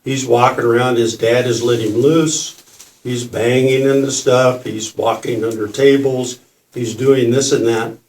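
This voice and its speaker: At a spiritual gathering, a man in his seventies tells a personal story at a measured pace in a medium-pitched voice, laughing and acting out other people's voices with animation. He's picked up by a distant mic in a roomy hall.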